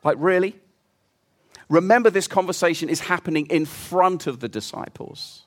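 A man preaching a sermon, telling stories with lively, animated delivery and acting out quoted voices. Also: high-pitched, normal speed. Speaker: pastor.

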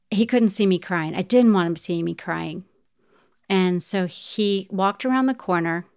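A middle-aged woman hosts a podcast and tells a personal story. Her voice is smooth and clear, at an ordinary pitch for a woman. She talks in a heartfelt way and often turns to address her listeners directly. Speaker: podcast host.

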